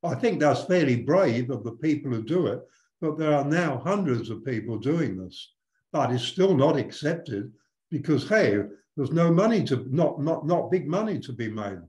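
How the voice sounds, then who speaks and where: A man's voice: on the high side, animated, moderate pace, darkish tone, echoey room, low-quality recording. An older man, a spiritual teacher, talking reflectively and telling stories in an interview, with frequent restarts. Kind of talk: conversational interview storytelling.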